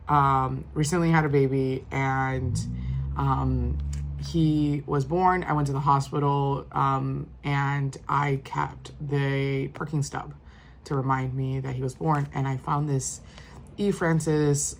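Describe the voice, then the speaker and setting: A woman from New York State talks casually in a vlog while walking through her journal. Her very low, creaky voice is flat and soft-spoken, and she rambles with lots of fillers and restarts. There's slight background noise.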